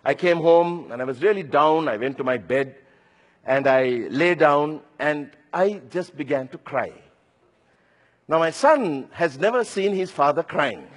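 A man's voice: a little high, animated, a little slow, big-room sound. A man in his sixties preaching a sermon, earnest and personal, telling his own story between scripture quotes. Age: 60s.

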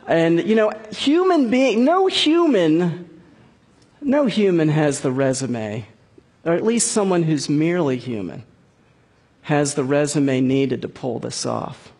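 A man's voice: a little high, darkish tone, breathy edge. A man preaching a conversational sermon as a pastor, explaining scripture with frequent restarts and asides.

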